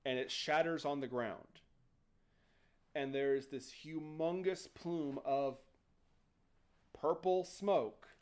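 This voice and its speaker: A man's voice: a little high, slow pace, pauses often, smooth. A man hosting a livestream, casually retelling a story and acting out the characters. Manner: animated, playful, acts out characters. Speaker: host.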